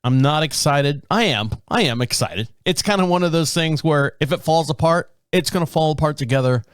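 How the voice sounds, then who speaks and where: A man's voice: a little high, a little fast, clear, resonant tone, dry recording, studio quality. Rambling, chuckling man in his fifties. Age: 50s. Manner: rambling and self-amused, chuckling through frequent restarts. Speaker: podcast host. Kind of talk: casual solo chat.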